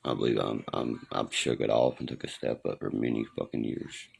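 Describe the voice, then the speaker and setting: A middle-aged man rambles through a casual livestream chat on his phone, swearing freely and checking in with "you know what I mean" after nearly every thought. His voice sits extremely low, rough with heavy fry and a husky edge. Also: fairly even intonation, fairly quick, darkish tone, rough recording. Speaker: livestream host. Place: home livestream.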